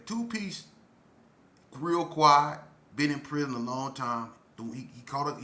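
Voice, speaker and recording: A man telling a street story in casual speech, animated and often breaking into laughter. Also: medium pitch. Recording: echoey room.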